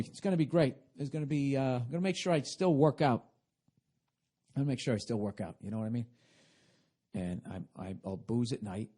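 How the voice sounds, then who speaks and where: A middle-aged man hosting a comedic podcast monologue, ranting profanely and swinging between loud and quiet. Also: medium pitch, brisk, pauses often. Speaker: podcast host.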